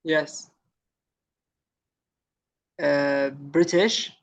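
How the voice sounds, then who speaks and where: A man's voice: fairly high pitch, fairly even intonation, very slow, gravelly. A male student answering his tutor hesitantly, often starting with uh.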